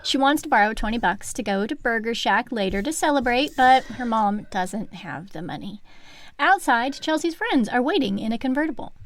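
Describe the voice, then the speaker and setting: Playful woman recapping a story, lively pitch. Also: moderate pace. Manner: playful, drops into whispered asides. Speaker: podcast co-host. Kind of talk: casual book podcast chat, reading a plot summary.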